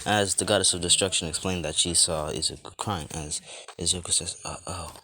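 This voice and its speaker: A man's voice: deep voice, fairly even intonation, a little fast, sharp tone, a little hiss or hum. A young man casually narrating an improvised fan story, rambling with lots of fillers and restarts.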